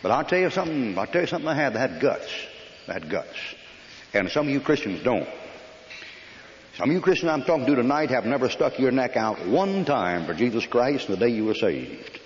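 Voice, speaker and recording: An older man preaches in a long-echoing church hall, telling rough army stories in a blunt, folksy, scolding way. The recording sounds dull and dated, with faint hiss beneath the voice. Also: mid-range voice, big pitch swings, brisk. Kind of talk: sermon.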